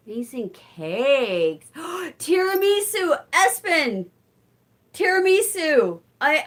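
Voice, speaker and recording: A woman in her forties hosting a casual live-stream chat, answering viewers and talking to her cat. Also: mid-range voice. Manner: chatty, talks to her cat between replies to viewers. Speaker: channel host.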